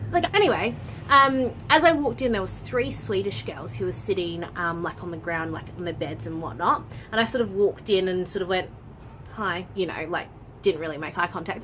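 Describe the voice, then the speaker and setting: A young adult woman vlogging, telling a story in a chatty, lively way, full of "like" and casual swearing. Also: mid-range voice, a little hiss or hum. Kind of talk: story time vlog.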